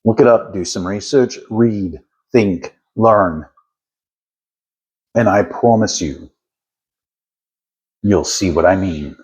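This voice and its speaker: A man's voice: lowish voice, slow, long pauses, a little mellow. Emphatic man giving a political monologue. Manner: emphatic and persuasive, repeating points with "okay?"; puts on a playful accent. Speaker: political commentator. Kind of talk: opinion monologue to viewers.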